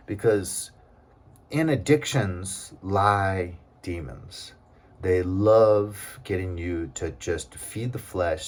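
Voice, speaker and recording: A man's voice: deep voice, darkish tone, slightly rough. A man vlogging in a casual, rambling monologue, talking in an aggrieved tone with many fillers and asides.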